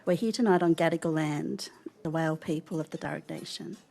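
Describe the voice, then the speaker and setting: A woman delivering a formal welcome to country address at a public event, measured and formal. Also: low voice, gravelly, a little mellow. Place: parliament function hall.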